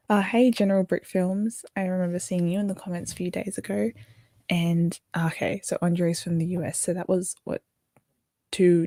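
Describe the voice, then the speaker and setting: A woman's voice: lowish voice, dark tone, no echo. Tired Australian woman chatting on stream. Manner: rambling, chatty, answers viewer comments. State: tired, early morning. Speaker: livestream host. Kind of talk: casual livestream chat while building.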